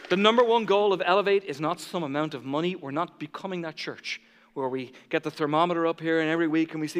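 High-pitched male pastor preaching, gets loud and fired up then goes quiet, long hall echo. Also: lively intonation, a little fast, slight background noise. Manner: impassioned preaching that swells loud, then drops to soft asides. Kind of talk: sermon. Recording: church hall reverb.

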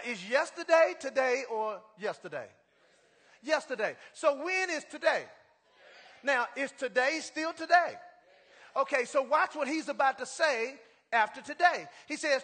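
Male preacher, middle-aged, sermon, very high voice, call-and-response, scripture reading. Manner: animated, call-and-response with congregation; reads scripture aloud with rising emphasis. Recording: reverberant hall.

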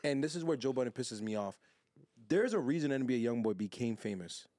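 A man co-hosting a casual podcast who fires off words at a rapid clip. He is blunt, profane and fired-up. The sound is close and dry. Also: medium pitch, animated, mellow, no room sound. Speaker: podcast co-host. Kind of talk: casual chat.

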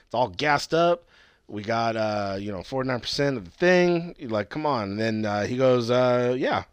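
A young man co-hosting a casual chat, retelling events in a profane, animated way with quoted voices. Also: medium pitch, moderate pace, clear, resonant tone, dry recording. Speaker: podcast co-host. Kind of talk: casual chat recapping wrestling.

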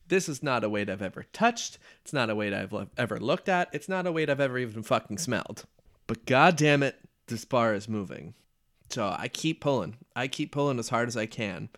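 A man's voice: medium pitch, fairly bright tone. A man hosting his own podcast, telling a story in a casual monologue and swearing freely. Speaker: podcast host.

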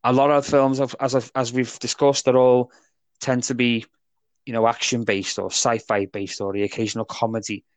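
A young man hosts a casual podcast chat, rambling warmly through restarts and laughs. His voice sits at a middle pitch. The sound is dry and close, with no room echo. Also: level tone, moderate pace. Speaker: podcast co-host.

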